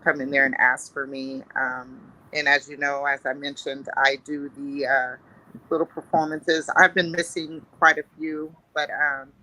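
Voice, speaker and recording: Bright-voiced emotional New woman. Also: deep voice, little pitch movement, unhurried, rough recording. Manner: warm, laughing, openly emotional. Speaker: guest cast member. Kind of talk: casual chat.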